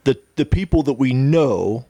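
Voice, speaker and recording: A man co-hosting a casual podcast, recorded dry and close with no room sound. He tells anecdotes, rattles off lists and agrees readily with a quick "yeah, yeah.". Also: mid-range voice, lively intonation, warm tone, dry recording. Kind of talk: casual discussion.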